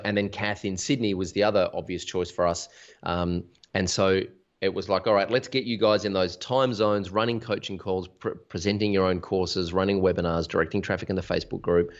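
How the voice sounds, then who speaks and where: Deep-voiced guy chatting about his business, lots of examples, bit muffled lo-fi audio. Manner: energetic, explains with examples and restarts. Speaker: interview guest, business founder. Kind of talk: casual conversational interview. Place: Sydney. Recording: dull lo-fi sound.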